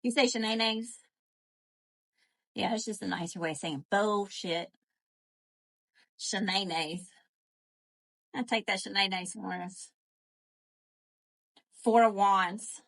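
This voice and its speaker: A woman doing a live tarot reading, animated and profane, calling to her viewers as y'all. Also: mid-range voice, slow, gravelly, long pauses. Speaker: tarot reader.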